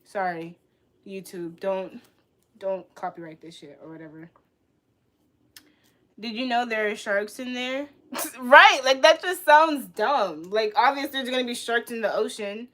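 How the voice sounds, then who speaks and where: A woman ranting to her viewers on a livestream, blunt and profane, swinging between loud outbursts and low muttering. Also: unhurried, long pauses. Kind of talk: casual rant to viewers.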